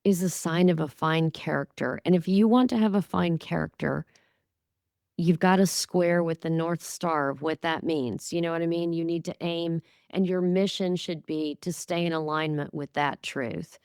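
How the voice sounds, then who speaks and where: A woman's voice: fairly low pitch, normal speed, a little mellow, clear, resonant tone, no echo, clean studio sound. A middle-aged woman hosting a podcast interview, speaking in a reflective, affirming way. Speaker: podcast host. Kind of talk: casual interview chat.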